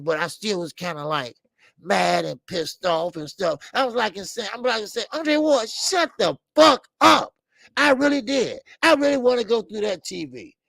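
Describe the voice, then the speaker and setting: Gravelly high-voiced man hosting boxing talk. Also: dry recording, clean studio sound. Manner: profane, emphatic, repeats phrases, laughs often. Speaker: call-in boxing show host. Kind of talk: animated casual commentary.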